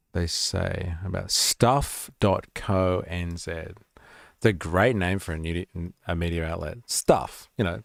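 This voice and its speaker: A man's voice: deep voice, gravelly, no echo, studio quality. A man with an Australian accent hosting a live stream, talking casually with sarcasm and plenty of swearing. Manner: sarcastic, swears freely, rambling.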